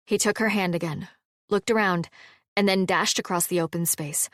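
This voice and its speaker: Woman audiobook narrator, even measured delivery, low-ish voice, dead dry sound. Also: dry recording. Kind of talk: scripted narration.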